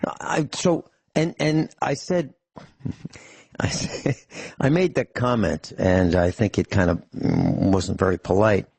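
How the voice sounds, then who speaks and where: Man, middle-aged, husky voice, dry studio sound, rambling radio chat, dry humor. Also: fairly low pitch, takes it slowly, darkish tone, no room sound. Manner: rambling storyteller, frequent restarts, dry humor. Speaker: radio show co-host.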